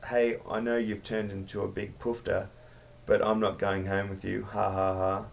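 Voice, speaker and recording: A man's voice: on the low side, level tone, normal speed, gravelly, a little hiss or hum. Man doing his boozy, swearing Aussie mate. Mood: rowdy. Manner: swearing, rowdy, laughs a lot. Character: crude boozy male Aussie mate, loud.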